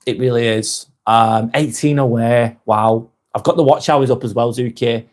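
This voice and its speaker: A man hosting a live vlog, chatting casually and reading viewers' comments aloud, with frequent "um"s and quick apologies. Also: medium pitch, steady tone, a little mellow. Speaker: live-stream host.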